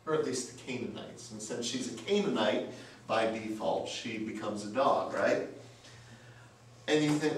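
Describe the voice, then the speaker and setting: A man's voice: mid-range voice, sing-song, a little slow. A man preaching a sermon as pastor, emphatic, with rhetorical questions and repeated phrases, heard from a distance in a church sanctuary. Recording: very echoey church, mic from afar, faint noise.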